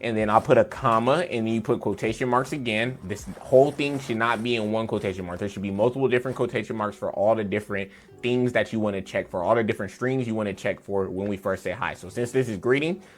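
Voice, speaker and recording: A man's voice: on the low side, quick pace. A man teaching a beginner programming lesson over his screen, explaining in a loose, chatty way with fillers and playful asides. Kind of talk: casual screen-share coding tutorial.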